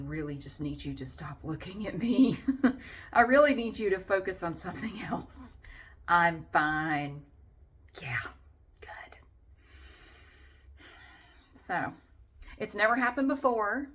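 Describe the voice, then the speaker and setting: A woman's voice: lowish voice, a bit bright. A middle-aged woman vlogging in a casual, chatty way with frequent fillers. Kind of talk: casual chat to camera.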